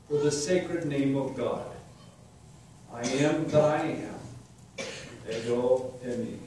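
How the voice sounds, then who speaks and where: Slow-preaching man in an echoey church. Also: fairly high pitch, dark tone, a little hiss or hum. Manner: slow, deliberate scripture exposition with emphatic declarations. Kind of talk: sermon. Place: church sanctuary. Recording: echoey hall, distant mic, faint ambience.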